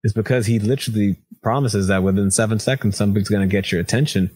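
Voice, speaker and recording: A man's voice: fairly low pitch, very fast, breathy edge, no echo. A man in the middle of an easy podcast chat with his friends, telling stories with lots of energy. He slips into other people's voices when he quotes them. The sound is dry and close, with almost no room around it. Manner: animated storyteller, acts out quoted voices, laughs often. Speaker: podcast co-host. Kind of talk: casual chat.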